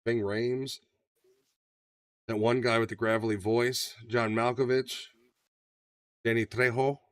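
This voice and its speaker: Profane, animated man hosting casual chat. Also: mid-range voice, slow, no room sound, clean studio sound. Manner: profane, animated storyteller, acts out quotes. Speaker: podcast co-host.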